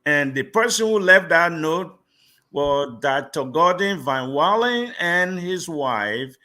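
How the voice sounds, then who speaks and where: A man's voice: fairly high pitch, lively intonation, slow, bright, forceful tone. A middle-aged pastor from Liberia, a guest telling his life story in an interview and animatedly acting out the dialogue he recalls.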